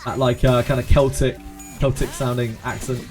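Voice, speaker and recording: A man's voice: medium pitch, level tone, moderate pace, over music. A man with a Cornish accent chatting casually and laughing while he streams a video game. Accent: Cornish English. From Cornwall, England. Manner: chatty, laughs often, sings snatches of sea shanties. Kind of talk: casual gameplay commentary.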